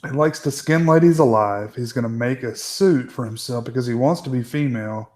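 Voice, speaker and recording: A man's voice: mid-range voice, fairly quick, darkish tone. A man co-hosting a casual movie commentary, hesitant and full of fillers. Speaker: commentary co-host.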